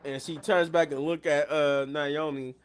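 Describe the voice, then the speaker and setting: A man casually recapping a wrestling show, excitable and rambling, often laughing at the action. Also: on the high side, measured pace, clean tone. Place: at his workplace.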